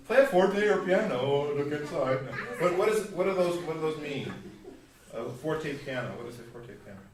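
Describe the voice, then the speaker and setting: A man coaching a string quartet in a masterclass, playful and given to vivid sound words. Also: medium pitch. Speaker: masterclass teacher. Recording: echoey hall from far off.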